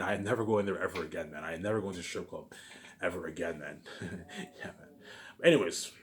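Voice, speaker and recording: A man's voice: lowish voice, fairly bright tone. A man in a rambling, boastful monologue, repeating himself and tacking filler phrases onto every sentence. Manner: repetitive, keeps adding "obviously" and "you know what I'm saying"; boastful, ranting.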